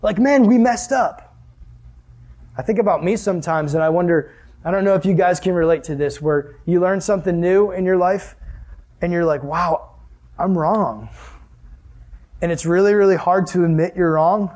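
A man's voice: high voice, fairly quick. A man preaching a sermon in a casual, conversational way, acting out the voices of the people in his story and asking the audience questions. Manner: animated, acts out voices of Jesus and Pharisees.

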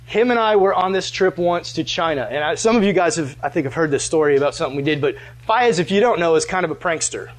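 A man preaching a casual storytelling sermon, chatty and animated, full of "like" fillers. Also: on the high side, fast talker, hardly any pauses. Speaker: pastor.

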